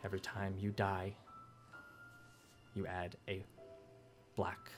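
A low-voiced man leads a tabletop role-playing session as game master. He lays out the rules in a measured, step-by-step way while soft music plays faintly behind him. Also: little pitch movement.

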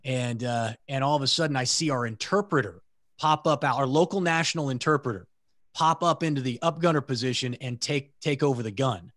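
A middle-aged man, a military veteran guest on a podcast, telling war stories casually, swearing freely and jumping high when he imitates comrades. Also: a little fast, no echo, studio quality. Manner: animated storyteller, swears freely, voices comrades in a high excited pitch. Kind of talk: casual storytelling.

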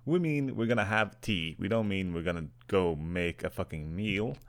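A young Swedish man co-hosting a podcast in casual chat, deadpan and often swearing. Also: low-pitched, normal speed. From Sweden. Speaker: podcast co-host.

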